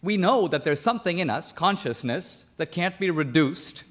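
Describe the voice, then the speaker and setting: A man from India arguing a point in a formal debate, measured and pointed, pressing his opponent with questions. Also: on the high side, animated, a bit bright. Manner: measured, pointed, cross-examining. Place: debate stage in a large hall.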